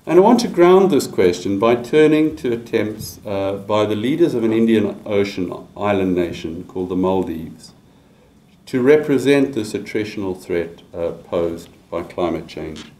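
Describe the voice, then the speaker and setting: Male professor, low mellow voice, halting academic lecture delivery with restarts. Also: animated, low-quality recording. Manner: measured, with many fillers and restarts. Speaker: university lecturer.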